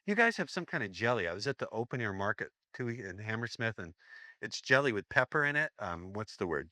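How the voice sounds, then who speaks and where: A man's voice: medium pitch, big pitch swings, brisk, bright, forceful tone, dry recording. A man teaching a live seminar, joking and rambling as he acts out sample lines for the room. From United States.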